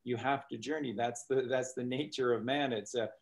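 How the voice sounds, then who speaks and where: A man's voice: mid-range voice, steady tone, moderate pace. A man speaking as a guest in a casual discussion, expansive and thoughtful, reaching for stories and film references to make his points.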